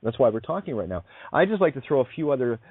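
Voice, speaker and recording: A man's voice: mid-range voice, very animated, fast talker, husky, dry recording. A man hosting a spiritual talk radio show, effusive and rambling, calling his guest honey. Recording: dry tinny phone-like line.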